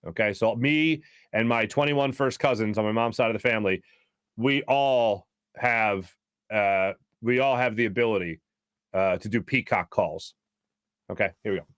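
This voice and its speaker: A man's voice: fairly low pitch, normal speed, smooth, no echo. A man in his thirties with a Philadelphia accent, hosting a sports talk show and telling rambling stories full of restarts. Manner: rambling storyteller, energetic, many restarts. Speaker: sports radio host. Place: radio studio. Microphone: studio microphone.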